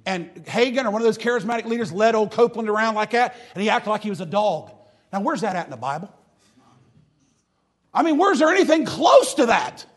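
A man's voice: sits high, animated, a little fast. A man preaching a sermon in a folksy, mocking manner. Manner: folksy, mocking, preaching with rising and falling intensity.

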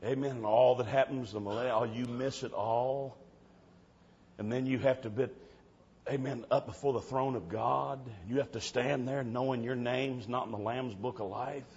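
Preacher, hushed to shouting. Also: male voice, mid-range voice, normal speed, husky, lo-fi sound. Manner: animated, swings from hushed to shouting. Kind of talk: sermon storytelling.

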